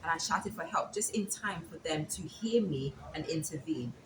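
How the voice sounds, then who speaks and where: A woman's voice: low voice, animated, normal speed. A woman as an interview guest, casually telling a story and acting out the dialogue. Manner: retells events with quoted dialogue. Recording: echoey room with background noise.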